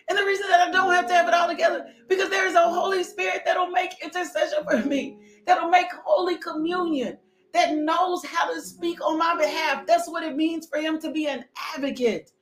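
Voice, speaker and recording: Impassioned high-voiced woman preacher, echoey. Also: fairly even intonation, a little fast. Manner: impassioned, shouting, laughing and near tears. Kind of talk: sermon. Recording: echoey room with faint music.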